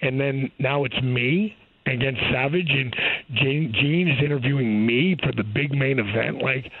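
An older man, a guest who was once a pro wrestler, telling stories in an animated way and acting out what people said, with a husky voice. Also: mid-range voice, measured pace, dry recording, narrow, tinny audio. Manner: animated, repeats himself, acts out quotes. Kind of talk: casual interview storytelling.

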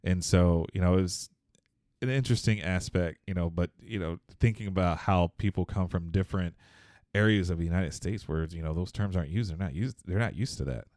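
A man's voice: deep voice, a little fast, a little mellow, no room sound, clean studio sound. A man from Texas, telling a story in a casual podcast chat, rambling with many fillers and restarts.

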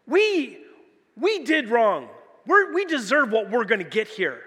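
A man's voice: very high-pitched, sing-song, unhurried, pushed and bright, slightly rough, long reverb tail, exaggerated voice. A man voicing a humbled thief who earnestly admits his wrong. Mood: pleading.

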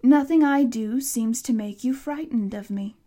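A woman voicing an ancient, towering male tree monster in an audiobook, speaking slowly, gravely and with command. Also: fairly high pitch, mellow. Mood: puzzled. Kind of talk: audiobook character reading.

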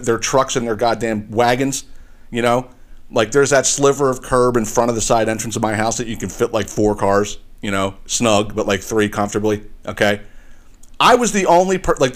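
A man hosting a podcast, telling a story as a heated, profane rant that repeats itself as he talks. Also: mid-range voice. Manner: heated, swearing, repeats himself. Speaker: podcast host. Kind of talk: profane ranting monologue.

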